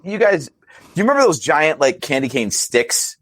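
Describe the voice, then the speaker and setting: A man on a podcast chatting about a film in a lively, jokey way. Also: on the high side, moderate pace. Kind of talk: casual film review chat.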